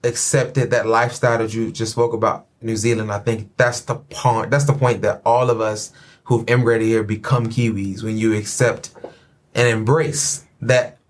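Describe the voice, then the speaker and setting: A man's voice: lowish voice, level tone, moderate pace. A man hosting a podcast, chatting in a laid-back, joking way and often repeating himself. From Chicago. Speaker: podcast host. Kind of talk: casual chat.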